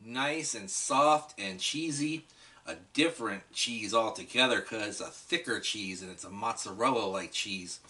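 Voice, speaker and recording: A man's voice: on the low side, unhurried, sharp tone, recorded from a distance. A man chatting enthusiastically through a casual food review, talking straight to his viewers.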